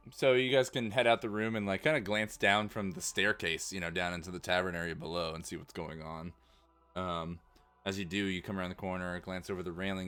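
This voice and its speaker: Bright-voiced male game master. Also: low voice, smooth. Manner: casual, filler-heavy scene description. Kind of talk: narrating a tabletop game.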